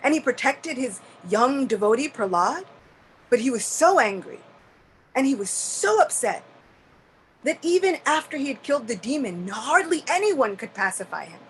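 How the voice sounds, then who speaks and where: A woman's voice: high-pitched, very animated, normal speed, a little hiss or hum, rough recording. Troubled old creator god, voiced by a woman. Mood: self-reproaching. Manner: self-reproaching, earnest, emphatic. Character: Lord Brahma, elderly male creator god, troubled and humble. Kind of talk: devotional storytelling in character.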